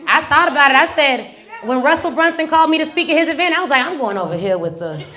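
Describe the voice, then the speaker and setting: Animated woman coaching in casual talk. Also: sits high, fast talker, some chatter behind. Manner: animated, rhetorical questions, conversational slang. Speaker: business coach and podcast host. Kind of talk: casual teaching talk with storytelling.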